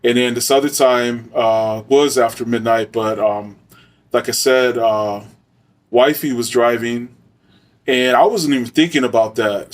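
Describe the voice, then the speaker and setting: Brief: Arizona man, casual profane storyteller, mid-pitched, mic a little distant. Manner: loose, slangy and profane, with frequent fillers. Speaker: storyteller, former soldier.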